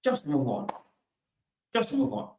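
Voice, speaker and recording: Male motivational speaker, high-pitched and emphatic, in a roomy space. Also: sing-song, slow pace, creaky, a little hiss or hum. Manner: emphatic, repeats phrases, swings between loud bursts and quiet asides. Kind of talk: motivational talk.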